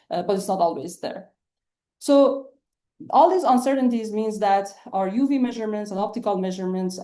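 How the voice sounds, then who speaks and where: Mellow-voiced woman giving a science lecture. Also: medium pitch. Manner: many "uh" fillers, measured explanatory pace. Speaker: astronomy researcher giving a webinar talk.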